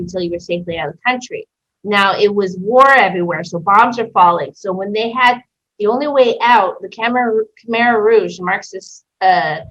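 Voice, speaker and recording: A woman from Canada tells a story in a relaxed interview, lively and blunt, slipping into the voices of people she quotes. Her voice sits at a middle pitch. The sound is dull and lo-fi. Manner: animated, acts out voices in quotes, swears freely. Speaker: interview guest. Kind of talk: casual storytelling.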